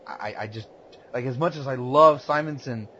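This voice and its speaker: A man's voice: mid-range voice, fairly quick, a bit bright. A man talking casually about comic books, stumbling over his words and restarting often. The recording is dull and lo-fi, with faint ambient noise underneath. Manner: hesitant, stammering, many restarts. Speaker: comic book podcast co-host. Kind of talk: casual chat.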